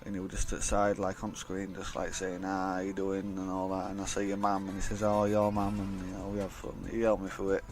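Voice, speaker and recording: A man's voice: low voice, completely flat delivery, a little fast, few pauses, darkish tone. A young man telling a rambling, blunt, sweary story in a casual vlog. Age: young adult. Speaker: vlogger.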